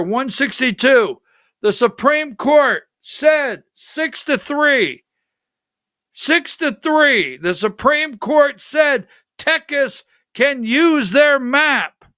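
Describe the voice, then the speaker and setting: This political talk show host is an older man with an extremely high, pushed, bright voice, recorded in studio quality with no room sound. He chats his way through his livestream, jumping between subjects and giving his producer instructions as he goes.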